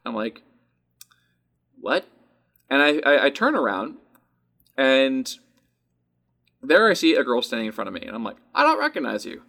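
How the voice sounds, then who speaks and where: A young man co-hosting a casual podcast, his pitch swinging widely as he tells a story. He acts out everyone's lines and swears freely. His voice sits in a middle register. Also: big pitch swings, a little slow, vocal fry, pauses often, pushed and bright. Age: young adult. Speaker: podcast co-host.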